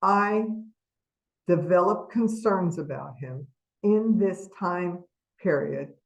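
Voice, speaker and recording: Woman webinar presenter, low register, unhurried, emphatic, asks the audience questions. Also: gravelly, rough recording. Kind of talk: educational webinar lecture.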